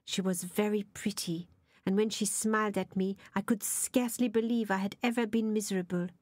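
A woman reading a novel aloud as an audiobook narrator, soft and often half-whispered. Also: medium pitch, fairly even intonation, normal speed, dry recording, clean studio sound.

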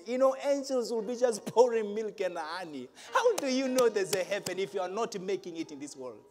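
A man preaching a lively church sermon, swinging from shouts to low asides and laughing often. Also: fairly quick, hardly any pauses, soft background music. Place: church hall with congregation.

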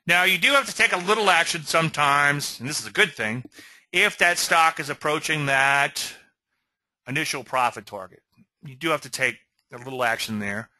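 A man's voice: fairly high pitch, sing-song, measured pace, bright, forceful tone, no room sound, low-quality recording. A man hosting an informal trading lecture, rambling through conversational asides and often checking in with "okay?". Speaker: trading educator and show host.

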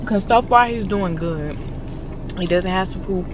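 On a long road trip, a woman vlogs casually from her car, chatting and swearing a lot as she talks to herself and her dog. Her medium-pitched voice is a little slow and sits under loud music, and the audio is dull and lo-fi with heavy road noise.

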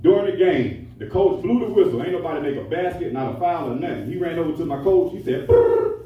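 A man's voice: fairly high pitch, animated, fast, distant mic, muffled recording. Profane stand-up man in an echoey club. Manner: crude, profane storytelling. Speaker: stand-up comedian. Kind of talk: stand-up routine. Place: nightclub stage. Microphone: handheld stage mic.

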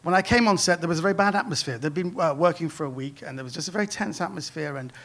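A British comedian telling a true story live on stage, animated and self-deprecating. His voice sits notably high for a man, and he often laughs along as he talks. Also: very fast, gravelly.

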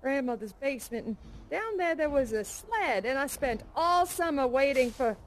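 A woman's voice: sits high, expressive, normal speed, a little hiss or hum. An actress playing a folksy, adventurous woman aviator in a live immersive theater show, chatting and telling stories in an exclamatory way.

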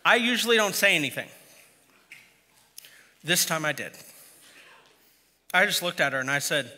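A middle-aged man preaching with a bright, forceful voice pitched fairly high for a man. He tells stories with humor and speaks straight to his listeners in an easy, conversational way. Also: animated, moderate pace, pauses often. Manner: humorous storytelling, conversational and direct. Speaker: pastor. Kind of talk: sermon.

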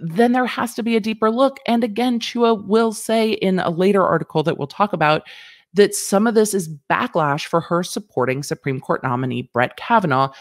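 Frank, animated woman host giving legal commentary, dry room. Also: no room sound. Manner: animated, mimics others in quick high-pitched voices; frank, swears casually. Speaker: lawyer and show host. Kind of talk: commentary vlog.

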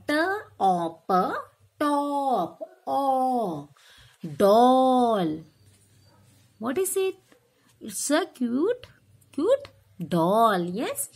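A woman's voice: on the high side, breathy edge. A woman teaching a phonics lesson to children, sounding out letters one by one and quizzing them as she goes.

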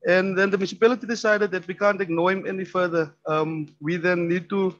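A man presents at a public forum on municipal skills work. His voice sits high for a man, and he halts often with many filler sounds and restarts. The sound is dull and lo-fi. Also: fairly even intonation, fairly quick, a bit bright. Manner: hesitant, many ums and restarts. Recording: dull lo-fi recording.

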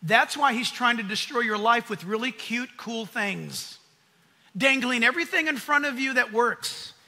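A man preaching a sermon at a conference in an American accent, animated and acting out the voices he quotes. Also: very high voice, normal speed. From United States. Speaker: pastor. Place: conference hall.

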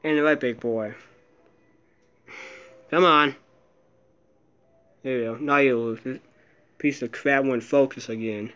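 A man filming a casual handheld vlog, jittery and muttering to himself, swearing often, sometimes dropping into soft baby talk to a cat. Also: mid-range voice, fairly even intonation, takes it slowly, pauses often, clean tone, dull audio. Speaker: vlogger.

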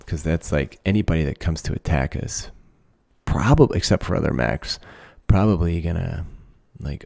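A man's voice: deep voice, expressive, normal speed, vocal fry, darkish tone, no room sound, studio quality. A man giving casual let's-play commentary, thinking aloud, swearing freely and laughing often. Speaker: gaming video creator.

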